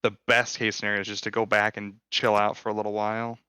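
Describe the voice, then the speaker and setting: A man co-hosting a casual podcast, laying out his reasoning in a measured way. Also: fairly low pitch, monotone, bright, forceful tone, clean tone, no echo. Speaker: podcast co-host. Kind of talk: casual podcast chat about an anime.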